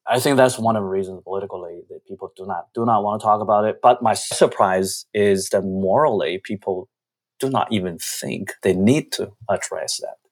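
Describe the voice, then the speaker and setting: A man's voice: on the low side, moderate pace, breathy edge. A man, giving earnest, reflective interview answers with frequent restarts. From China.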